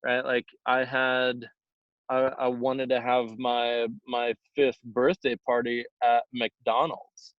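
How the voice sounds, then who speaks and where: A man in his thirties from Houston, a high school teacher co-hosting a casual unscripted chat, rambling with lots of "like" and "I mean". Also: flat delivery, takes it slowly, dry recording, dull audio. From Houston, Texas. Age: 30s. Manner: rambling, many "like" and "I mean" fillers.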